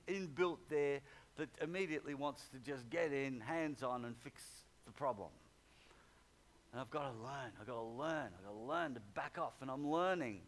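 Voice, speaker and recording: A man preaching a sermon in a conversational way, often repeating phrases for emphasis. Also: fairly high pitch.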